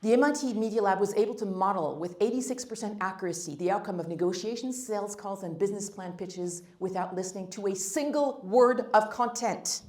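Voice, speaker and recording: A woman's voice: mid-range voice, a little fast, hardly any pauses, a little mellow. A woman giving a live workshop talk, blunt and emphatic with wry humor. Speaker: workshop speaker. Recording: roomy hall.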